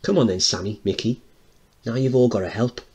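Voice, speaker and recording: A man's voice: medium pitch, brisk, slightly rough, voice pushed up. A man reading a play aloud, singing the part of a brash, hopeful working-class mother. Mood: singing dreamy. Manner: sings loud and bold, puts on a posh voice.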